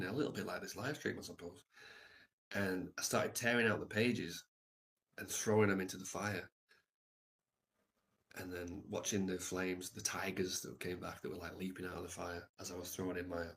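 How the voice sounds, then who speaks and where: A man's voice: deep voice, steady tone, normal speed, creaky, long pauses, fairly bright tone. A man on a livestream telling a long story in a reflective, rambling way, swearing casually.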